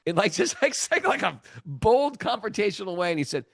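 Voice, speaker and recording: A middle-aged man hosting a spiritual podcast, telling a story in a lively casual way, acting out the other people's lines and laughing often. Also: sits high, brisk, creaky, dry recording, clean studio sound. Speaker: podcast host.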